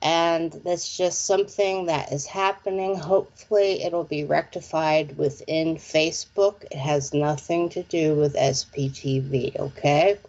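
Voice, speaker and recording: Woman psychic host, chatty, slow and unhurried, lowish voice, dull lo-fi sound. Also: fairly even intonation, a little mellow. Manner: chatty, lots of fillers like "okay?" and "like". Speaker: psychic reader and show presenter. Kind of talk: live-stream chat with viewers.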